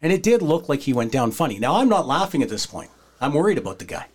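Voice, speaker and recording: A man hosting a podcast, telling a wrestling locker-room story in a casual, animated way and acting out the voices of the people in it. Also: fairly high pitch, quick pace, husky. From Canada. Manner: animated, acts out quoted voices, breaks into laughter.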